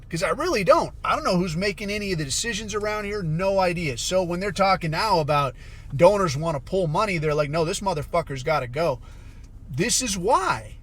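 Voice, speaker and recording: A man's voice: high-pitched, fairly bright tone. Blunt, foul-mouthed man ranting. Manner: profane, blunt, sarcastic. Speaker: podcast host. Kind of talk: casual commentary rant.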